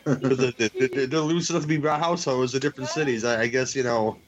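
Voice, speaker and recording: A man's voice: mid-range voice, steady tone, fast talker, muffled recording. A man chatting casually on a film commentary podcast, joking crudely and restarting his sentences. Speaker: podcast co-host.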